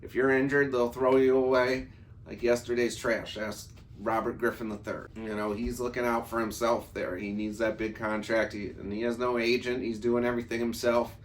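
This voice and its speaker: A man's voice: mid-range voice, little pitch movement, normal speed, a little hiss or hum. A man hosting a casual solo sports talk show, rambling and opinionated, often repeating and restarting his phrases.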